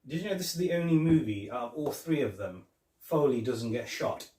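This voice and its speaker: A man's voice: mid-range voice, lively intonation, fairly quick, darkish tone, recorded from a distance. A man co-hosting a casual film review podcast, eagerly sharing trivia. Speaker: podcast co-host. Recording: roomy, off-mic.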